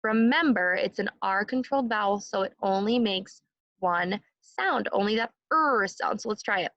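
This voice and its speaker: A woman teaching a second grade phonics lesson, sounding out words slowly and clearly and having the class repeat after her. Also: medium pitch, animated, fairly bright tone, no room sound, lo-fi sound.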